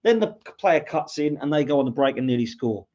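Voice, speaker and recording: A man from England commentating live on a match as a fan podcast host, reacting loudly to play and reading viewer comments. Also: medium pitch, a little fast. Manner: excitable, shouts at goals, reads out viewer comments. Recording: dull lo-fi mic.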